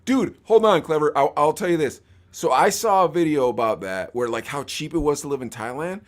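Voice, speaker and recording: Male host, fairly high voice, chatty, acts out every character in his stories. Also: lively intonation, brisk. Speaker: podcast host. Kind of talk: casual chat.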